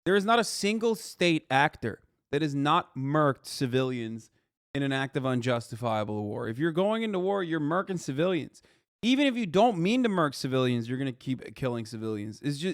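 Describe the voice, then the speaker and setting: A man's voice: on the high side, very animated, brisk, fairly bright tone, dry recording, studio quality. A man in his thirties reacting to a news video on a livestream, ranting heatedly and swearing often as he talks to his chat. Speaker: livestream commentator.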